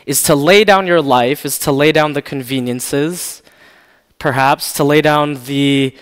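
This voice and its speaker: A pastor's voice, a little high yet clear and resonant, moves at a measured pace through a sermon. He shares a personal anecdote with self-deprecating candor and frequent laughter, and the church hall around him adds a long reverb.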